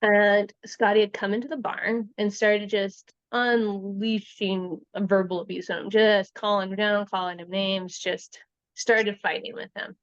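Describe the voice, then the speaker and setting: A woman's voice: medium pitch, unhurried, clear, resonant tone, no room sound, dull audio. Woman telling a true crime story. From Canada. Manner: animated retelling, acts out quoted lines. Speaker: researcher and writer guest.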